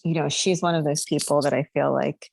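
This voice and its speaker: A woman's voice: sits low, fairly even intonation, brisk, vocal fry, darkish tone, dry recording. A woman co-hosting a podcast in casual chat, laughing often and chatty with many fillers. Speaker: podcast co-host.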